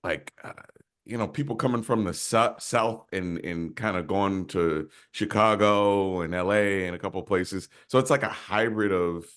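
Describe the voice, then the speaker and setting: A male podcast co-host in casual chat, musing slowly with a slight stutter and a habit of saying "man.". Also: deep voice, a bit bright, clean tone. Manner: musing, slow, repeats "man".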